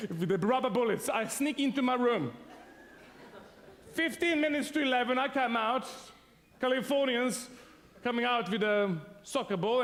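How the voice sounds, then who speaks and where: High-voiced preacher in a reverberant hall. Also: male voice. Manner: animated storyteller, laughs often, acts out sounds and voices. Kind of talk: sermon with a humorous personal story.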